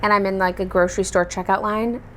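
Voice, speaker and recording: An American woman hosting a casual interview, chatting in a relaxed, chatty way with plenty of fillers. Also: medium pitch, quick pace, a little hiss or hum. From United States. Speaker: podcast host.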